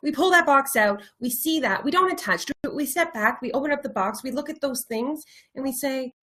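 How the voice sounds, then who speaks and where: A woman coach speaking straight to her viewers in a motivational talk. Her voice sits a little high, and she leans on repeated words for emphasis. She often slows and softens to let a point sink in. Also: animated. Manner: drops to soft, slow delivery for reflection. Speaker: life coach.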